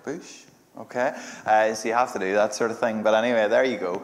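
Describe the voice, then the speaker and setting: Laid-back Irish minister from Monaghan. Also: male voice, lowish voice, steady tone, quick pace. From Ireland (Monaghan). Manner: laid-back, playful, jokey delivery. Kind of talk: joke-filled sermon to a congregation. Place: church service, in front of a congregation.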